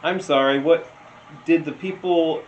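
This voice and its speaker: A man doing casual meme reaction commentary, rambling, telling stories and laughing often. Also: fairly high pitch. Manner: slow, rambling, laughs a lot. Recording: roomy, dull lo-fi sound with faint noise.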